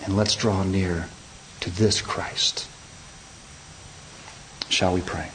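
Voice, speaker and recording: A man preaching a sermon, building from calm teaching to loud, high-pitched emphasis and then a hushed prayer. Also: very slow, slight background noise, low-quality recording. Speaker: pastor.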